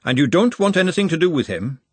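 A man's voice: fairly high pitch, sing-song, fast talker, breathy edge, no echo, pitched above the performer's own voice. A man voicing a sensible, bossy young working woman who talks in a firm, scolding way.

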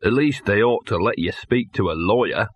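A man voicing a scruffy, cynical, drunken little male dog in a gruff, hoarse voice, grumbling and lecturing at a slow pace. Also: on the low side, expressive, dry recording. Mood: hoarse whisper. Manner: grumbling, self-pitying, lecturing.

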